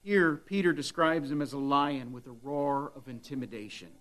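A man's voice: mid-range voice, moderate pace, few pauses, fairly bright tone. A man preaching a sermon with dramatic delivery, at times voicing the devil's taunts. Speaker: pastor.

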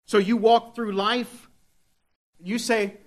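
A man's voice: high-pitched, flat delivery, slow. A man preaching a sermon with dramatic delivery, at times voicing the devil's taunts. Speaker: pastor.

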